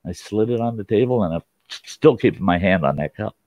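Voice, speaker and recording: A man's voice: fairly low pitch, lively intonation, a little fast, a little mellow, dry recording. A man hosting a show, telling a childhood story in a folksy, casual way with frequent laughs. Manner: folksy, laughs often, mild cursing. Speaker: host and storyteller. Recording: dull, lo-fi sound.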